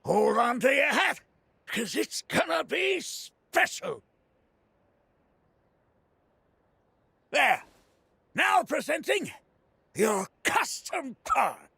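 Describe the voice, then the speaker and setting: A gravelly, husky old motorbike mechanic, who swings from low mutters to shouted glee in a wide, restless melody. He talks at an unhurried, drawn-out pace. The game voice sits dry and close. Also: no echo, heavily acted. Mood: proud. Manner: bursts into shouting excitement and laughter. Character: excitable older male mechanic, ex-racer. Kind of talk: video game dialogue.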